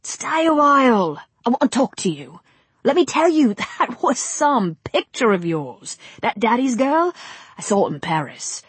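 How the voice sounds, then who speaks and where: A woman voicing a brash, pushy male film director with a Cockney accent and a forceful, overly compelling voice. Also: on the high side, sing-song, a little slow, breathy edge, no echo, pitched above the performer's own voice, full character voice. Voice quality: forceful, a little too compelling.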